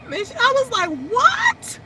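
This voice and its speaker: A woman hosting a casual chat, telling stories in an animated way and laughing often. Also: on the low side, a little slow, noisy background. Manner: animated storytelling, laughs often, squeals in excitement. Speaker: host.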